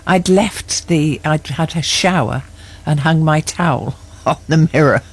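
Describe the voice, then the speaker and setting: A woman's voice: low voice, slow, husky. A woman co-presenting a radio show, teasing her co-host with mock indignation and frequent giggles. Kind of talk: playful radio banter.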